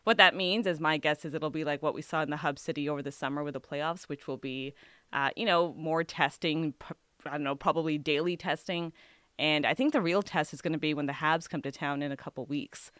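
Female radio hockey reporter, bright dry close sound, breezy wry quips. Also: deep voice, a little fast, smooth, dry recording. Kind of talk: casual radio sports chat.

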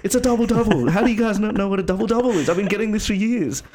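A man voicing an angry old male customer who swears and shouts indignantly, his voice pitched up high. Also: rapid-fire. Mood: furious.

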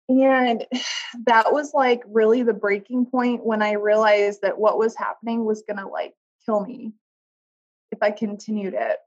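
A woman, a guest in a conversation, telling a personal story haltingly, with restarts and soft trailing pauses. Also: fairly high pitch, muffled recording.

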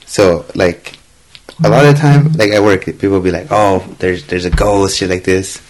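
A man guesting on a podcast, the host's younger brother, talking in a laid-back, halting way and swearing casually. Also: low voice, a little mellow. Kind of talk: casual chat.

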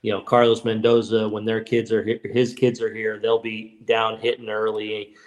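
A man in his fifties, a baseball manager and guest, telling stories in relaxed podcast chat, with frequent restarts. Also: on the low side, normal speed. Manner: relaxed, many restarts and "you know"s. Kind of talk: casual podcast storytelling.

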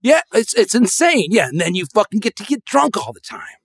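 A man in his fifties from Connecticut, a comedian guest ranting profanely in casual podcast chat and mocking people in loud, high put-on voices. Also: sing-song, brisk, gravelly, no room sound, studio quality. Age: 50s.

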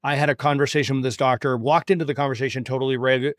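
A man hosting a podcast, telling a client story in a casual, animated way, acting out the quoted dialogue and checking in with "right?" and "you follow me?". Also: medium pitch, rapid-fire, no room sound, clean studio sound. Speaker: podcast host and practice exit consultant.

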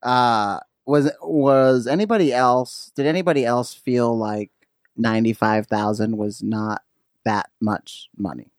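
A man's voice: mid-range voice, dry recording, clean studio sound. A man co-hosting a casual podcast chat, teasing the others and swearing freely. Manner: quick, teasing and profane. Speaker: podcast co-host.

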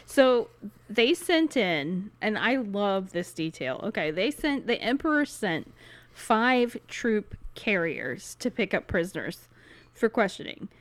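A woman's voice: medium pitch, big pitch swings, slow, no room sound. A woman chatting casually about a book, telling the story in an amused way and laughing often. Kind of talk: casual book discussion chat.

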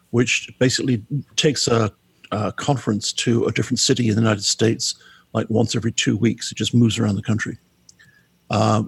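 Man, husky gravelly voice, dry close sound, wry podcast guest. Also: medium pitch, dry recording. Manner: candid, wry, self-deprecating. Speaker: guest, book author. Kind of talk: casual podcast interview.

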